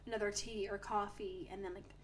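A woman's voice: mid-range voice, level tone, brisk. Young woman, podcast co-host, casual storytelling, lots of fillers, faint background hiss. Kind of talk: casual chat.

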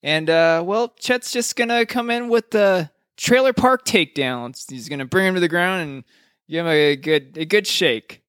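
Bantering podcast co-host, slightly high voice. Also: male voice, normal speed, a bit bright, clean tone, no room sound, clean studio sound. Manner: loose, swearing, jokey banter. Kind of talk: casual chat narrating a dice battle.

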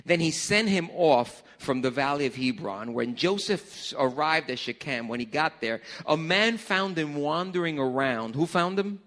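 A pastor preaching a lively sermon to his congregation. He has a fairly high voice for a man, and he jokes with the crowd and teases them between points. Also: normal speed, hardly any pauses. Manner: animated, joking with the congregation. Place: church service before a congregation.

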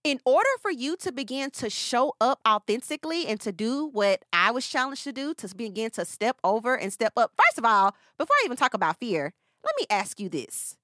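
A woman delivers an inspirational podcast talk with faith woven through it, her voice high and bright. Her pitch swings widely as she repeats lines for emphasis and talks straight to the listener. The recording is dry, with no room sound. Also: big pitch swings, fairly quick, no echo. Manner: preacherly, repeats phrases, speaks straight to listeners. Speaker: podcast host.

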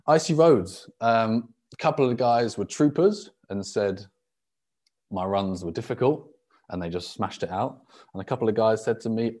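Laid-back young male coach from the UK, low-pitched, chatting loosely over a laptop mic with plenty of swearing. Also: moderate pace. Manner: relaxed, sweary, rambling with fillers. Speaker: podcast host and rugby fitness coach. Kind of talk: casual solo podcast. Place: indoors at a laptop on a live video call.

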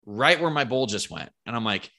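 A man telling hunting stories as a guest in a casual podcast interview, animated and rambling, with free swearing. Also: mid-range voice, fairly quick, gravelly. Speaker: podcast guest, bow hunter.

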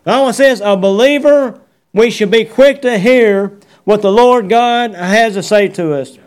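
A middle-aged man preaching a sermon, quoting scripture and repeating refrains, with folksy phrasing and many halting fillers. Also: sits high, darkish tone, clean tone. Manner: preaching with Bible verse references and repeated refrains. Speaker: pastor.

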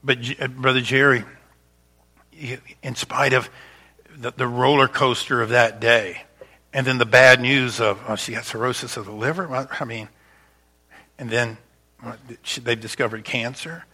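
Bright-voiced male pastor preaching conversationally. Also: medium pitch, steady tone, moderate pace, breathy edge. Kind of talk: sermon.

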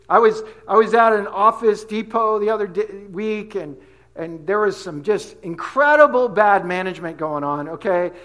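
A male pastor with a fairly high voice preaches to his church. He tells everyday stories, acts out quotes, and keeps asking the congregation questions. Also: moderate pace. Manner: animated storytelling with asides and acted quotes. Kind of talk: sermon.

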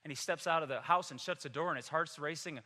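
A man's voice: a little high, quick pace, sharp tone, in a large hall. A man pastor delivering a Christmas Sunday sermon in a church, emphatic and telling humorous stories. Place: church sanctuary.

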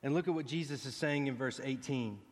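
A man preaching a sermon as a guest pastor, earnest and growing excited as he speaks. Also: medium pitch, brisk. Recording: long hall reverb.

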